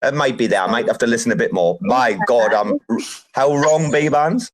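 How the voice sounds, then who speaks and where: A man hosting a casual group chat, talking in an animated, emphatic way and swearing casually. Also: mid-range voice, normal speed. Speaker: host.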